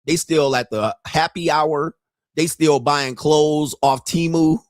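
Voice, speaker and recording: A man's voice: a little high, slow pace, no room sound, clean studio sound. A man hosting a casual live stream, ranting with profanity and jokes and acting out the voices of the people he quotes. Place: home studio.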